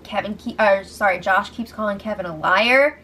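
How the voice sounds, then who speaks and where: A woman recapping a reality show in a casual, animated and gossipy way, swearing freely as she talks. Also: mid-range voice, normal speed.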